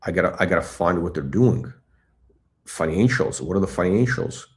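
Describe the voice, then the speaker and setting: A middle-aged man hosting a live stock chat, talking in an excitable, blunt, repetitive way and swearing now and then. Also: low-pitched, normal speed. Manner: excitable hype, blunt, swears, repeats himself. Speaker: stock channel host. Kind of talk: livestream stock chat reading chat questions.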